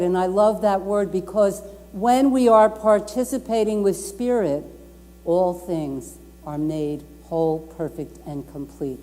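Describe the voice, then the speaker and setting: A woman minister delivers a Sunday sermon in a mellow, warm voice, pressing her key phrases again and again. She draws the congregation in to repeat lines with her. Her words ring out with a long reverb in a lounge room. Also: fairly low pitch, slight background noise. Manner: emphatic, repeats key phrases, invites the congregation to speak along. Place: community lounge at a YMCA.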